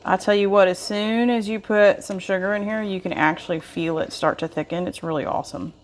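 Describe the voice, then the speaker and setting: A woman of medium pitch speaks fairly quickly with fairly even intonation, and a slight hiss or hum is present. She's a home cooking vlogger, chatty and folksy, addressing viewers while stirring during a casual kitchen demonstration.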